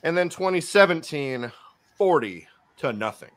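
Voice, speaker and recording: A man hosting a casual sports podcast. His voice sits a bit high and moves all over the place. He swings between loud, animated remarks and quiet muttered asides as he gives his picks. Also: normal speed, slight background noise. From Miami Dolphins fan. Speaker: podcast host.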